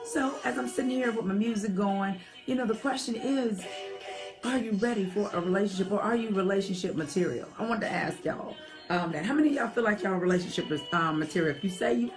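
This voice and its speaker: A woman hosting a late-night livestream from home, chatting softly and reading viewer comments aloud. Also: mid-range voice, fast talker. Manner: chatty, talks to viewers as y'all, soft half-whispered. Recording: faint music behind the voice. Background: old-school music playing.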